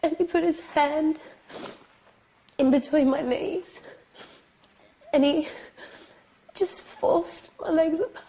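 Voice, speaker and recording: A British woman recounting a painful experience for a documentary, halting and hesitant, at times crying. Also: high voice, fairly even intonation, warm tone, low-quality recording. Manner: halting, pausing, hesitant with many ums. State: crying, sobbing. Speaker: abuse survivor recounting her experience. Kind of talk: documentary testimony.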